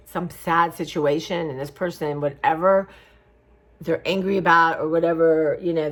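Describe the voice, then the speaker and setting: A middle-aged woman talking casually and from the heart to her viewers in a rambling vlog. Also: on the low side. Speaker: craft vlogger. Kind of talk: casual chat to camera.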